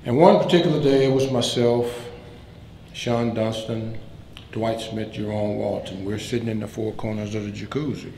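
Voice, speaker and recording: A man giving a keynote speech at a banquet, telling funny stories in a relaxed way and acting out the lines of the people in them. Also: fairly low pitch, normal speed. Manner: relaxed anecdotal telling, acts out quoted lines. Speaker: keynote speaker. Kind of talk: humorous after-dinner storytelling speech. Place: banquet hall. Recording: roomy hall sound, faint room noise.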